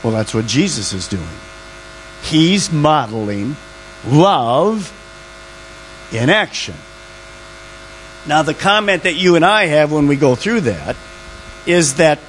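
Lively preaching man, faint hum. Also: fairly high pitch, rough recording. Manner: emphatic, drawn-out key words. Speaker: pastor. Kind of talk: sermon.

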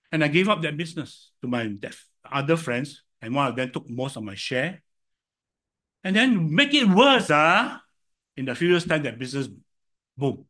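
A man's voice: on the high side, normal speed. An older man from Singapore with a Singaporean English accent, preaching a sermon and telling stories from his own life with rhetorical questions to the listeners. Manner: animated storytelling with rhetorical questions to the audience.

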